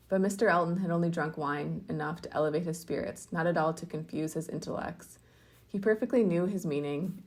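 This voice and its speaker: A woman librarian reading a classic novel aloud in a measured storytelling manner. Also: on the low side, a little mellow.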